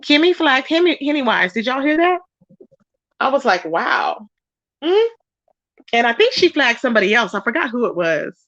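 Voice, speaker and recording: A woman's voice: moderate pace, long pauses, no room sound, highs cut off. Chatty gossiping woman livestreamer. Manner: chatty, gossipy, reads out chat comments; animated, quotes people with rising pitch. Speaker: livestream host. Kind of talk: casual livestream chat.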